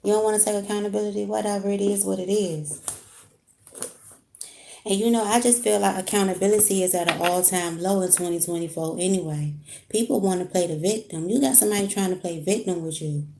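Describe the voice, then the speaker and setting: A woman's voice: medium pitch, fairly even intonation, a little fast, gravelly, warm tone, a little hiss or hum. A woman giving a casual live tarot reading at home, talking straight to her viewers with slang. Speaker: tarot card reader. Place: home room with heat on.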